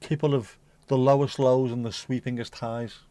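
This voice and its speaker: A man's voice: mid-range voice, little pitch movement, normal speed, dark tone, no echo. Cheeky man chatting on a livestream. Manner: playful, cheeky, rambling banter. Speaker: livestream host. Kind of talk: casual livestream chat.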